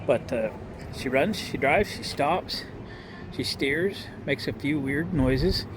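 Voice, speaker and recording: A middle-aged vlogger shows off his small electric utility car outdoors, at a restaurant lot and by a barn. He talks casually, folksy and rambling, calling his viewers boys and girls, in a fairly high voice at a slow pace, with outdoor noise behind him.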